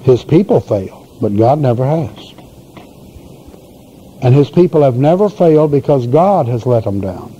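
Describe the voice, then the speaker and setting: A man's voice: mid-range voice, animated, a little slow, dark tone. A male pastor preaching a sermon in a folksy, emphatic storytelling manner. The voice is heard on a dull, lo-fi recording with faint hiss.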